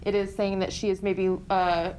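A woman's voice: medium pitch, little pitch movement, moderate pace, darkish tone, low-quality recording. Woman co-host, casual and giggly, heavy on fillers, faint noise floor. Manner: chatty, giggly, lots of fillers. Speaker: podcast co-host. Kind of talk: casual book chat.

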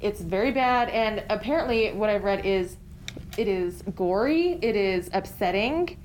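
A woman's voice: mid-range voice, expressive, unhurried, darkish tone, rough recording. Woman co-host, casual and giggly, heavy on fillers, faint noise floor. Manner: chatty, giggly, lots of fillers. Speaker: podcast co-host. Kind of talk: casual book chat.

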